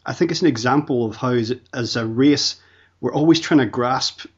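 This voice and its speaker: A man with a slightly husky voice talks thoughtfully, reaching through long, winding sentences. The sound is dull and lo-fi. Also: mid-range voice, normal speed. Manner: reflective, speaks in long searching sentences. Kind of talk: conversational interview talk. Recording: dull lo-fi audio.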